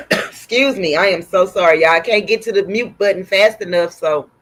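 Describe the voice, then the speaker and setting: A woman's voice: mid-range voice, normal speed, fairly bright tone. A woman with a Texas accent and a sore throat, hosting a casual embroidery livestream and chatting with viewers by name.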